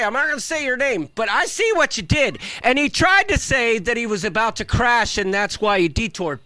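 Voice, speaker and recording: A high-pitched man with a bright, smooth, clear voice rants with mock outrage while co-hosting a casual live chat. The sound is dry and close, with little room around it. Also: dry recording. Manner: animated, ranting, mock-outraged. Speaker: co-host.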